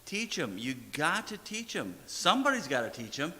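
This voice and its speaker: Folksy preacher in a reverberant church. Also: male voice, fairly high pitch, sing-song, moderate pace, hardly any pauses, pushed and bright. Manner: folksy, plain-spoken, repeats short commands. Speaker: pastor. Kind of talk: sermon. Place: church sanctuary.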